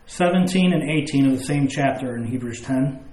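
A man preaching a sermon, stressing key words with repeats and quick questions he answers himself. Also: mid-range voice, darkish tone. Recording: echoey room.

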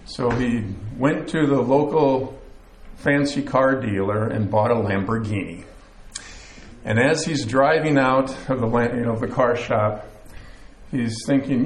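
A medium-pitched man at a measured pace delivers a church sermon as pastor, recorded with roomy echo. He tells stories in an easygoing, relaxed way, warming up with a joke and using fillers along the way.

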